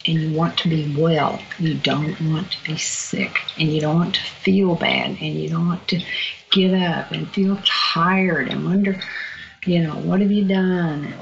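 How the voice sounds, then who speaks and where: A woman's voice: deep voice, fairly even intonation, measured pace, creaky, muffled recording, slight background noise. An older woman from Virginia with a Southern accent, telling stories in a casual interview, outspoken and laughing often. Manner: outspoken, laughing, folksy storytelling. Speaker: guest.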